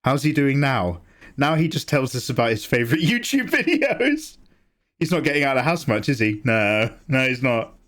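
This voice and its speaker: A man's voice: mid-range voice, big pitch swings, normal speed, a bit bright. A man chatting casually on a drawing livestream, joking and rambling through asides to his viewers. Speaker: art streamer.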